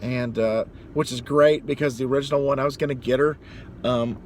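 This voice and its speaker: A man's voice: medium pitch, fairly even intonation, fairly quick. A young man ranting casually as a vlogger, telling a rambling story with mock outbursts. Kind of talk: casual rant. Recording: background traffic noise. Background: street and car noise.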